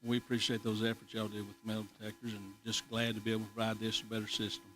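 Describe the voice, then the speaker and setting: A man's voice: fairly low pitch, monotone, very fast. A man, a school official, talking in a plain conversational way at a board meeting. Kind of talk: meeting discussion.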